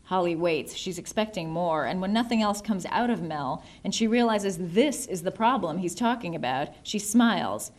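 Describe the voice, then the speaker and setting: A woman narrating a novel in the first person, wry and measured. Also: fairly low pitch, lively intonation. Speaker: audiobook narrator.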